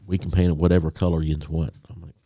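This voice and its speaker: A man co-hosting a podcast, telling a long story in a casual, animated way and acting out a phone call. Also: sits low, fast, no echo, clean studio sound. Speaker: podcast co-host.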